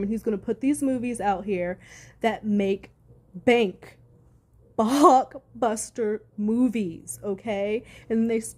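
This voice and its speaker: A woman's voice: fairly high pitch, dark tone. A woman giving heated vlog commentary, reading news aloud between angry, profane rants. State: furious.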